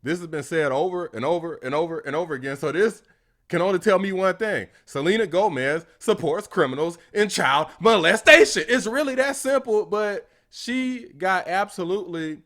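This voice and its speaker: Emphatic male commentator, a bit higher-pitched than most. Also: normal speed. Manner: emphatic, rising to forceful. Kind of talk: reaction commentary.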